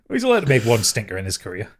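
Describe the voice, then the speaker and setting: A man's voice: medium pitch, darkish tone, husky. A man co-hosting a casual podcast chat, jokey and stammering at the start of sentences. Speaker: podcast co-host.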